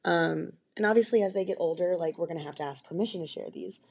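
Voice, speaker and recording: A woman's voice: lowish voice, fast, a little mellow, slightly rough. A young adult woman co-hosting a casual podcast, talking candidly and earnestly, often restarting her sentences. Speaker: podcast co-host. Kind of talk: casual chat.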